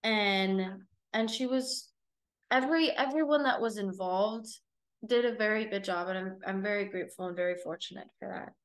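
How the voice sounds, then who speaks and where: A woman's voice: mid-range voice, moderate pace. A young woman with a Southern California accent, earnestly and reflectively telling a personal story as a guest. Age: young adult. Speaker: guest, host's daughter.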